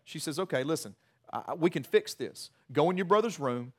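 A man delivering a sermon in a loose, joking storytelling manner. His voice sits a little on the high side for a man, and he stumbles and restarts often as he talks. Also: lively intonation, a little fast. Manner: conversational, humorous storytelling with many restarts. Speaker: preacher. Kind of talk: sermon retelling a Bible story.

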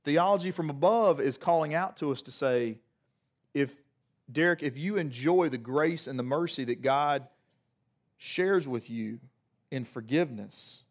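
Male pastor, fairly high voice, sermon that swings quiet to loud with jokes to the crowd. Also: measured pace. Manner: swings from hushed reflection to loud emphatic peaks; humorous asides to the congregation.

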